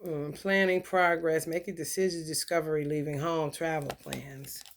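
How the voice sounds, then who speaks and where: A woman's voice: low voice, steady tone, normal speed, noisy background. A woman, telling blunt, profane stories and reading tarot cards in a casual talk. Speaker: tarot reader.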